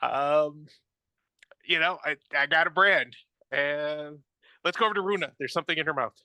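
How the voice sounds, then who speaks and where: Very bright jokey man, dry sound. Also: a little high, moderate pace, no room sound. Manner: jokey, self-mocking. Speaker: tabletop player. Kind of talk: casual stream introduction.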